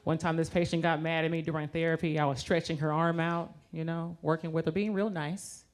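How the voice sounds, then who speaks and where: A woman's voice: low voice, little pitch movement, brisk. Brash profane woman doing stand-up. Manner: brash, profane, conversational punchlines. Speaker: stand-up comedian. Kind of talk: stand-up comedy set. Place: comedy club stage with live audience. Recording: audience laughter and noise.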